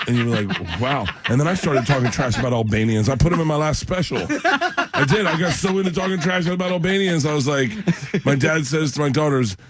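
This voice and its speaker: A man's voice: a little high, fairly quick. Rowdy, laughing comedian man telling stories. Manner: laughing, animated storytelling with voices. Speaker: comedian guest. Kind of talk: rowdy storytelling. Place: radio studio.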